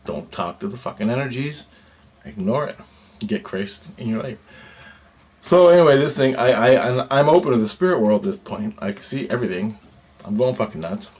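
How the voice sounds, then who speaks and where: A man's voice: mid-range voice, expressive, moderate pace, darkish tone, breathy edge. A man telling a rambling, profane personal story, repeating himself as he goes. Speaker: vlogger recounting ghost hunting.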